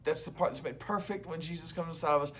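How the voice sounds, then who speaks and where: Loud, upbeat young youth pastor. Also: male voice, a little high, quick pace, breathy edge. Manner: energetic and loud, upbeat and chatty. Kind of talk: casual youth devotional talk to camera.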